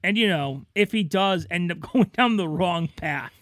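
A man's voice: sits high, lively intonation, unhurried, fairly bright tone, no echo, studio quality. A man in casual comedic chat, riffing on absurd scenarios and acting out bits in character voices.

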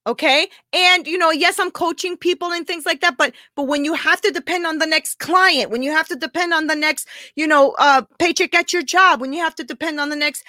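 Her voice sits high and pushed, bright and a little fast, with hardly any pauses and a dry, roomless sound. This life coach, nearly crying, gives an emotional live talk to viewers, confessing rawly and repeatedly checking in with "right?".

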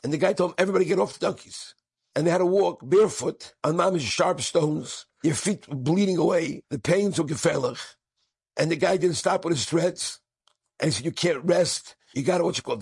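Husky gravelly rabbi telling a story. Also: male voice, on the high side, darkish tone, dry recording. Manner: vivid storytelling with Yiddish and Hebrew words. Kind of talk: inspirational story sermon.

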